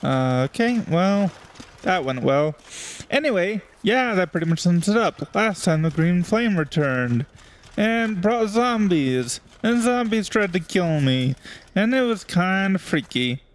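A man's voice: high-pitched, sing-song, measured pace. Sarcastic man narrating a playthrough. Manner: sarcastic, joking. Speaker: gaming channel host. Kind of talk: let's play commentary.

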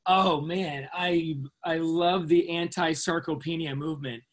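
An upbeat man hosting an interview, with a fairly high voice for a man. He asks his guest playful, curious questions in an easy, friendly way. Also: steady tone, a little slow. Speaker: host, physician.

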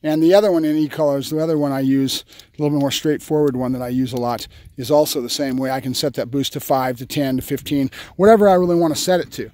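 A man, a dog trainer, explaining his method step by step in a field, now and then breaking into excited praise for his dog. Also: mid-range voice, quick pace, no echo. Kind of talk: outdoor training demonstration. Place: open field outdoors.

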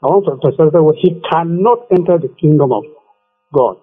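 Emphatic preacher on a tinny phone line. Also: male voice, on the high side, fairly quick, husky. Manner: emphatic, repeats scripture. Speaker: evangelist. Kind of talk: radio preaching.

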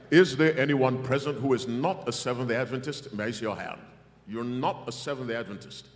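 A man's voice: mid-range voice, moderate pace, in a large hall. A man preaching a revival sermon to a congregation, emphatic and calling for their responses. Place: church hall.

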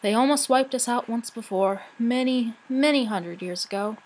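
A woman's voice: on the high side, a little mellow, lightly acted, rough recording. A woman voicing a weary, wise, very old male dragon in a storybook reading. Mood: grave. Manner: slow, solemn, grave.

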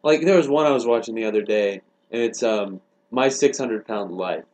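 A man's voice: lowish voice, moderate pace, a little mellow, poor audio. A man in casual comedic chat, rambling in a dry, wry way. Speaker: podcast co-host.

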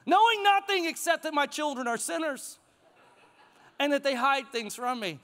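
High-voiced pastor preaching in a reverberant hall. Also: male voice, normal speed. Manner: conversational, animated preaching with chuckles. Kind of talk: sermon. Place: church sanctuary.

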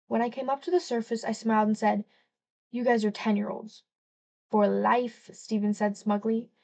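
A woman's voice: a little high, creaky, darkish tone, low-quality recording. A woman narrating a first-person novel as an audiobook, reading expressively and lightly acting out the dialogue.

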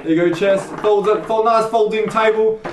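A young man co-hosting a casual vlog, playful and excitable as he banters about cheap finds. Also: sits high, normal speed, far from the mic, a little hiss or hum. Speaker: co-host. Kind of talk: casual chat. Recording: echoey room.

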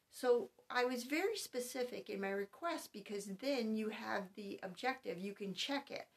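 A middle-aged woman in an instructional talk, speaking in an even, unhurried way. She lays out her advice step by step, careful and precise with each point, like a homeschooling mother coaching other parents. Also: medium pitch. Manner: calm, methodical, spells things out point by point.

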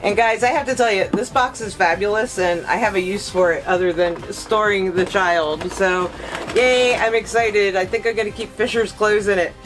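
A woman at a middling pitch reviews a collectible as she unboxes it, talking straight to her viewers and gushing with emotion. Faint music plays behind her voice. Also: moderate pace, rough recording. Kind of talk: excited unboxing vlog.

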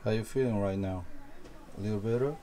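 A man in a family vlog, soft-spoken and caring, gently asking how someone feels. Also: fairly low pitch, fairly quick, slight background noise. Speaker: husband.

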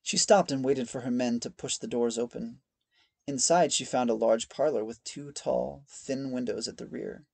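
A man narrating a fantasy audiobook in a measured storytelling reading on a close mic. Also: mid-range voice, vocal fry, a little mellow, breathy edge, no echo. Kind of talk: scripted narration.

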